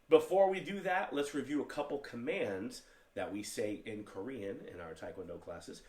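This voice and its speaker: A man teaching an online martial arts class, giving upbeat step-by-step commands for stances and warm-ups. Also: mid-range voice, echoey room. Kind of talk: online fitness class instruction.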